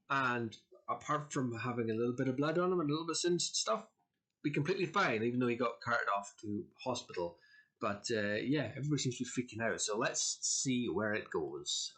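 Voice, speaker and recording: A man's voice: medium pitch, animated, brisk, a bit bright, breathy edge. A man doing let's play commentary, joking around and reading all the parts of the game himself. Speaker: let's player.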